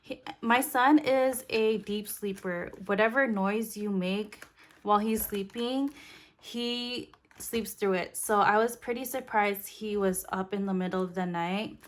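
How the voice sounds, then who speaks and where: Slow-talking young woman counting cash. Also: mid-range voice. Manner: soft, unhurried, counting bills aloud. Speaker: budgeting vlogger. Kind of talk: casual storytelling while counting cash.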